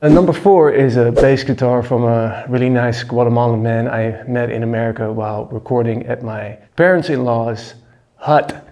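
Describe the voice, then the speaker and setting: Laid-back male musician, dark mellow tone, casual storytelling full of fillers. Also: mid-range voice, moderate pace. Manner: relaxed, laid-back, lots of fillers and "you know".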